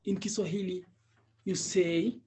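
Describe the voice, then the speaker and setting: A man's voice: high voice, flat delivery, unhurried, darkish tone. A man teaching Swahili, patiently drilling each word many times and chuckling often. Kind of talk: language lesson drilling.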